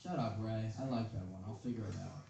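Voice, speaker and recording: A young man doing a stand-up set, rambling, self-deprecating and deadpan. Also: lowish voice, fairly quick, gravelly, muffled recording. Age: young adult. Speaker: stand-up comedian. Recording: echoey club from far off. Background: crowd noise.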